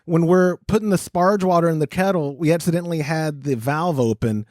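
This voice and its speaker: A man's voice: a little high, fairly quick, no echo, clean studio sound. A man hosting a casual homebrewing podcast chat, joking and telling stories with energy. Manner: animated, joking storyteller. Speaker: podcast host.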